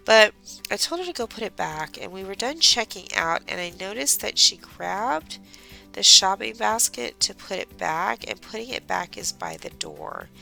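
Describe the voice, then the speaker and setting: A middle-aged woman hosting a craft livestream, talking in a casual and rambling way. Her voice sits fairly low with a heavy gravelly fry and a bright, forceful edge. Soft music plays behind her. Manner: chatty, rambling storytelling. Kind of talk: casual chat while crafting.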